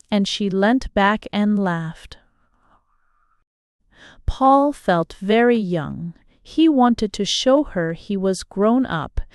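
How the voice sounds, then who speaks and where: A woman reads a novel aloud in an unhurried, measured way. Her voice is smooth and clear. The recording is close and dry, with no room echo. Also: mid-range voice, a little mellow. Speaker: audiobook narrator. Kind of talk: audiobook reading of a novel.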